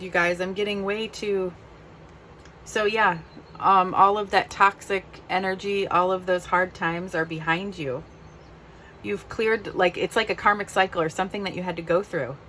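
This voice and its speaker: Woman, tarot reader, heartfelt and emotional, lowish voice, faint noise behind. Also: fairly bright tone. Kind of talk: casual tarot reading.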